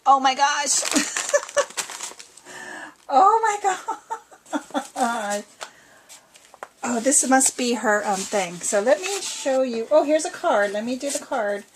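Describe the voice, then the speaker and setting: A woman's voice: sits high, expressive, moderate pace, hardly any pauses, a little hiss or hum. A woman chatting casually as she unboxes a craft swap, gushing with frequent exclamations. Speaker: crafting vlogger.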